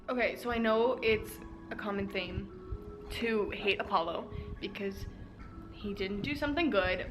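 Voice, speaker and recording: A young woman book vlogger chatting casually, bubbly and excitable, with sudden squeals. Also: mid-range voice. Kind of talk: casual reading vlog.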